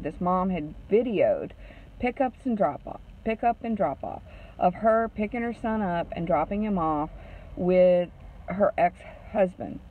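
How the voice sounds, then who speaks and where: A woman counselor from Maine, giving blunt advice in a lecturing way and ending her points with a questioning "okay?". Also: fairly low pitch. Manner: blunt, scolding. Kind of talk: advice talk. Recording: phone-like narrow sound.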